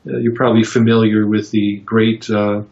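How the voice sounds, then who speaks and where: A man with a low voice answers interview questions, thinking aloud with frequent ums and restarts. He slips into reflective storytelling. The recording is roomy and a little dull. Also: little pitch movement, a little mellow. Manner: halting, many fillers and restarts. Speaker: interviewed psychotherapist.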